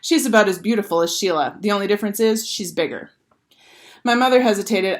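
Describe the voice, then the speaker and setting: Teacher reading a children's book aloud. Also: female voice, mid-range voice, a little fast. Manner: expressive and animated narration.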